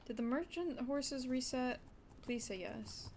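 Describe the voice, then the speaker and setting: A young woman streaming a game, chatting and rambling to her viewers with excited gasps. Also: high voice, unhurried, noisy background. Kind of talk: casual livestream commentary.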